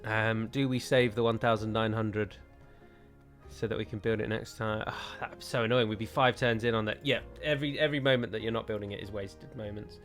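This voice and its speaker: A man's voice: on the low side, fairly even intonation, a little fast, fairly bright tone, soft background music. A man playing a strategy game and commenting as he goes, chatty and thinking aloud with frequent digressions. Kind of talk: let's play commentary.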